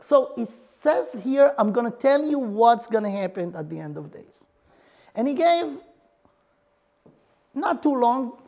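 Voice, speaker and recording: Woman teaching Torah earnestly, high voice. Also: mellow. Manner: explains earnestly in broken English, mixing in Hebrew terms. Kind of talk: Torah lesson.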